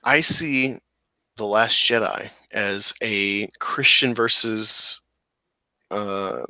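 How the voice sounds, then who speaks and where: A man's voice: lowish voice, very slow, gravelly, sharp tone, no room sound, poor audio. A man in his twenties hosting a livestream, chatting casually and rambling with many fillers and restarts. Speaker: channel host.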